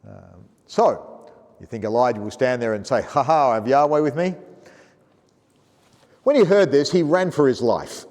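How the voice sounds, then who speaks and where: A man's voice: mid-range voice, a little mellow. A man with an Australian accent preaching a sermon in a church, reading scripture aloud and asking the congregation questions in a conversational way. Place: church hall. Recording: long hall reverb in a church.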